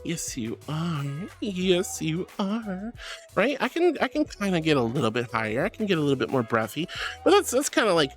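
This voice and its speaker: A woman's voice: low-pitched, huge pitch swings, fast talker, faint music behind. A woman streaming live and chatting with viewers, bubbly and gushing, greeting people with pet names. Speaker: streamer reading chat. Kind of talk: casual live-stream chat.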